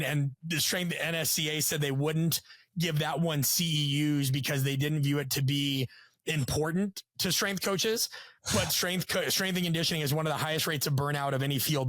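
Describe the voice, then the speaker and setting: A man talks as a guest on a podcast in a slightly high voice, quick and animated, with a self-deprecating streak. The sound is dry and close to the mic, with no room echo. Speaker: guest coach and author. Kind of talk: casual podcast conversation.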